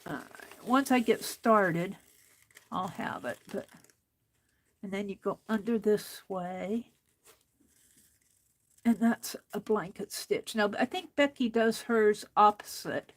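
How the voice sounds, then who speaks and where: A woman's voice: mid-range voice, slow pace, pauses often. A woman hosting an art journaling demonstration, talking to herself as she stitches in a book and getting mildly frustrated. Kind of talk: casual crafting demonstration.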